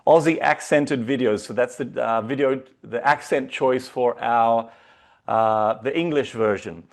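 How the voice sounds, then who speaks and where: A man hosting a company video call, hyping the guest with excitable introductions. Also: medium pitch, measured pace. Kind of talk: enthusiastic online meeting hosting.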